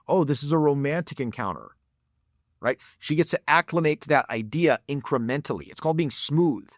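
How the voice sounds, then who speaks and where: A man's voice: mid-range voice, dry recording, studio quality. A man giving blunt, profane dating advice as a coach. He talks in a mocking way and acts out examples in put-on voices.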